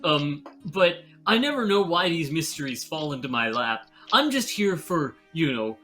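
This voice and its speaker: A man's voice: fairly high pitch, sing-song, normal speed, bright, forceful tone, soft background music. A man playing a tabletop game in character, earnest, naive and dim-witted. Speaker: player. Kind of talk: in-character tabletop role-play.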